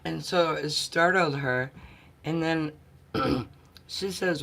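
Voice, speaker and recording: A woman chats with her viewers in an unhurried, easygoing way. Her voice is gravelly and bright, and she tells stories at a slow pace. She often clears her throat between thoughts. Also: low-pitched. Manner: chatty, storytelling, often clears throat and laughs. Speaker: vlogger chatting with viewers. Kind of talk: casual live chat.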